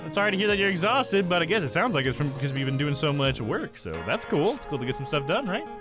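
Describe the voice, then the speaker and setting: Male streamer, casual chat, swearing, lively pitch, game music behind. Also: quick pace. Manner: casual, swearing, laughing asides.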